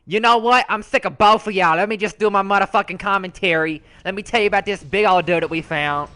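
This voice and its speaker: A man's voice: high-pitched, fast, pushed and bright, smooth. A man voicing a sassy, foul-mouthed rogue character, telling a brash, slangy, profane story as comedic commentary.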